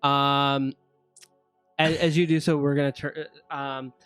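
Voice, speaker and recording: A man narrating as game master, halting and relaxed, with many fillers. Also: medium pitch, clear, resonant tone, dry recording, faint music behind.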